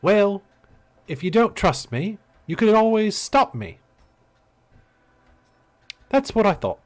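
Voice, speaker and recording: A man's voice: high voice, big pitch swings, slow, heavily acted. A man voicing a cocky young male thief who talks in a flippant, sarcastic lilt. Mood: teasing.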